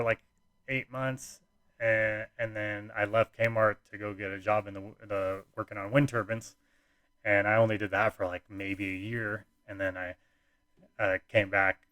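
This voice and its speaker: A young man tells a personal story on his podcast, loose and rambling, stopping and restarting his sentences. His voice sits low, and the close mic gives it a dry, roomless sound. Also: a bit bright, no echo. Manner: rambling, laid-back, frequent fillers and restarts. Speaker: podcast host.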